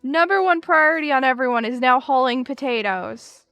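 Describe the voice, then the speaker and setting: Bright, high-voiced giggly woman streamer. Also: lively intonation, moderate pace, dry recording, faint music behind. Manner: giggly, chatty, many fillers. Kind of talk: casual gaming stream chat.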